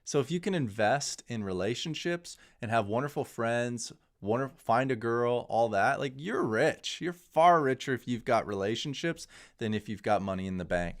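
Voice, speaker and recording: A man's voice: mid-range voice, expressive, normal speed. A man in his thirties hosting a crypto livestream, talking casually and candidly in a rambling, opinionated way with frequent restarts. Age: 30s.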